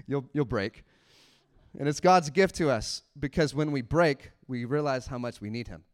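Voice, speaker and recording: A man preaching a sermon in church, animated, laughing often and acting out little quotes. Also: medium pitch, unhurried. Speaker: pastor.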